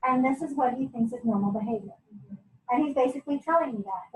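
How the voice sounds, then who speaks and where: A woman's voice: high voice, brisk. A middle-aged woman and homeschooling parent, talking candidly to a group in a chatty way and laughing often. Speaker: homeschooling parent sharing her story. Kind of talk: casual talk to a group. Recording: echoey room, mic at a distance.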